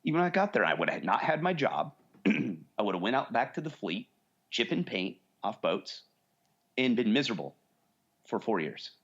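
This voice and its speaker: A man in his forties co-hosts a podcast in a mid-range, sing-song voice that is fairly bright with a breathy edge, at a moderate pace over dull audio. Chatting casually, he spins long rambling stories and imitates what people said.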